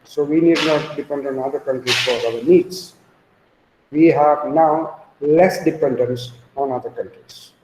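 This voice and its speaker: A man with an Indian English accent giving a webinar lecture, speaking slowly and deliberately and repeating his key points. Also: mid-range voice, darkish tone, slight background noise. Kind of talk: academic lecture presentation. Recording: echoey room sound.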